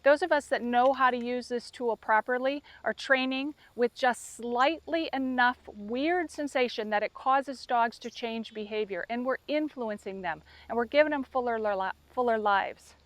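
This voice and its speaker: A woman speaks straight to her listeners as a dog trainer, impassioned and openly emotional. Her voice sits a little high for a woman. The sound is dry and close, with no room echo. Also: moderate pace, fairly bright tone. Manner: impassioned and emotional, addressing critics directly. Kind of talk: direct-to-camera appeal.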